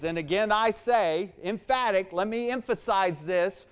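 Guy preaching a sermon, higher voice, slow and emphatic, gets loud then goes real quiet. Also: smooth.

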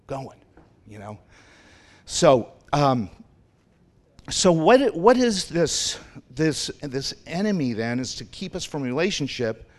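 A man's voice: medium pitch, sing-song, takes it slowly. A man pastor preaching a sermon in a church in a loose, conversational way, stopping to question the congregation and laughing at himself. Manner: conversational, rambling, self-deprecating, quizzes the congregation. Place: church sanctuary.

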